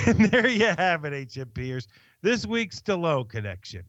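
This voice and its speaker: A man's voice: fairly high pitch, very animated, a little slow, a bit bright, no echo. Wry man on a podcast, dull sound. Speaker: podcast co-host. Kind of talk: casual chat.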